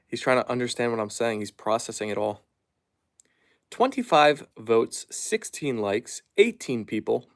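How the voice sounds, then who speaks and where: Man, casual live-stream chatter, mid-pitched voice, reads chat aloud, soft shushing asides. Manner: chatty, reads viewer comments aloud and hushes his dogs softly. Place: at home, down in the basement.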